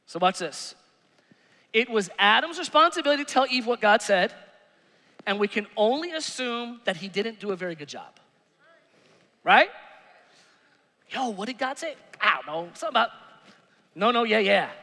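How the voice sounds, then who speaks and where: A pastor preaching an animated, conversational sermon with playful asides. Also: male voice, high voice, normal speed, long pauses, long reverb tail. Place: church sanctuary.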